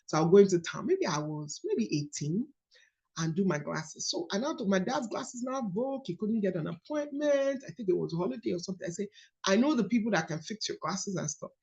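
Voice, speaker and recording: A Nigerian woman in her thirties coaches a group, her mid-pitched voice swinging up and down with emphasis as she teaches and tells stories. The sound is a little dull and lo-fi, like a call recording. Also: fairly quick. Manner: animated, storytelling, emphatic. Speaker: coach leading a book study call. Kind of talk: casual teaching talk.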